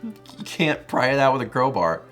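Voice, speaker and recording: A man co-hosting a live stream, chatting casually and reading out viewer messages in an animated, playful way. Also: mid-range voice, moderate pace, faint music behind. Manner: animated, playful, puts on silly voices when quoting. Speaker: co-host of a live stream show.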